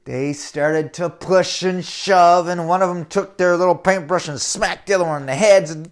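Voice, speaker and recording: A man's voice: high-pitched, fairly even intonation, moderate pace, few pauses, clear, resonant tone. A man telling a children's story, addressing the kids directly. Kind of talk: reading a children's story aloud.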